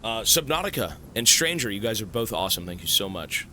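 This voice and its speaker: A man streaming live, thanking viewers for gifts in an excitable, swearing, disbelieving way. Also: on the low side, a little fast, a little hiss or hum. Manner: excitable, swears a lot, stunned outbursts.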